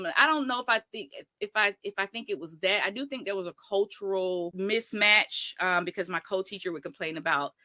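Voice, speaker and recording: A woman's voice: medium pitch, fairly quick, sharp tone, dry recording. A woman teacher telling her story in a casual interview, rambling and often correcting herself. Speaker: teacher and guest.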